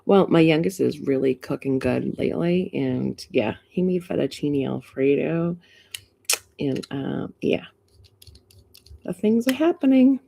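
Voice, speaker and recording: A woman's voice: sits low, animated, a little slow, vocal fry, mellow. A middle-aged woman with a Boston accent, hosting a live stream in casual chat, greeting viewers and laughing often.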